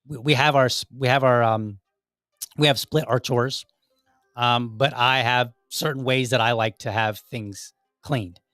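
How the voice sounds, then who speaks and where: A man's voice: mid-range voice, fairly even intonation, measured pace, a bit bright, dry recording, clean studio sound, soft background music. A middle-aged man hosting a solo podcast, rambling in casual commentary and acting out little everyday dialogues. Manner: rambling, self-correcting, acts out little dialogues. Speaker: podcast host.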